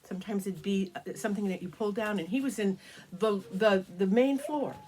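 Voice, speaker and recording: Older grandma telling a story to the grandkids, animated, whispery bits. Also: female voice, mid-range voice, normal speed. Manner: animated, drops to hushed whispers for suspense. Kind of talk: bedtime story narration.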